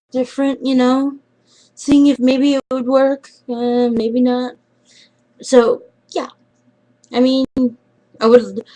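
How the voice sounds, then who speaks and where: A young woman chatting casually in a vlog, rambling and trailing off, often dropping into quiet mumbles. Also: medium pitch, rough recording. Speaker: vlogger.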